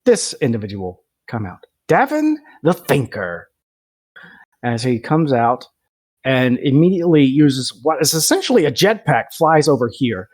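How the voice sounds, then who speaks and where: A young man narrating as game master, lively and quick to laugh. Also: medium pitch.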